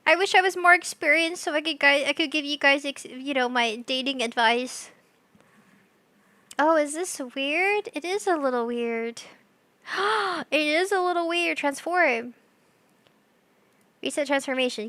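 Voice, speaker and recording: A woman's voice: high voice, unhurried, sharp tone, no room sound. A young woman streaming live, chatting casually with her chat. She talks in a bubbly, scatterbrained, giggly way.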